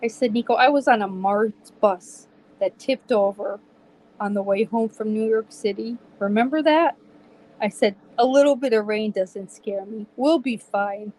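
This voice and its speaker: A middle-aged woman from Pennsylvania, hosting a podcast and telling a story in a casual, animated way, quoting herself and others and laughing often. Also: medium pitch, moderate pace, a little hiss or hum, low-quality recording. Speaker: podcast host.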